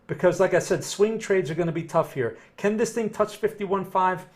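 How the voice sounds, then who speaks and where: Male trading host with a fairly high voice, relaxed and conversational, thinking aloud as he works through charts. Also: normal speed. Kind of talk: casual live chart analysis answering viewer questions.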